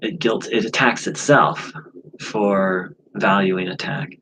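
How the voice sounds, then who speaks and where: A man from the USA talking through a personal spiritual insight, halting, with many fillers and restarts. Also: deep voice, fairly even intonation, noisy background. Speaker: spiritual teacher. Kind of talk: reflective spiritual vlog.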